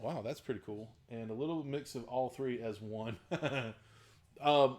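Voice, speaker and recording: A man's voice: mid-range voice, a little slow, darkish tone. A man who runs tabletop games, answering viewer questions in a casual live stream. He rambles with enthusiasm and laughs often. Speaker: game master streaming a Q&A.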